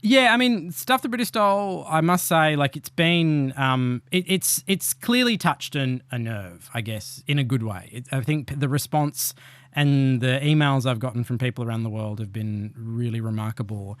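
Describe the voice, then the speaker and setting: Male guest, lively and self-mocking, dry booth sound, mid pitch. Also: no room sound. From Australia. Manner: animated, self-deprecating, quick asides. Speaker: podcast guest. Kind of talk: conversational interview. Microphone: remote call.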